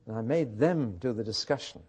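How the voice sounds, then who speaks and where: A man teaching scripture in a lively, rising-and-falling voice. He presses his points with rhetorical questions and stories, and his pitch sits in the middle range for a man. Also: a little fast, slightly rough. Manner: emphatic, rhetorical questions, storytelling. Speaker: Bible teacher. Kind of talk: teaching talk with anecdotes.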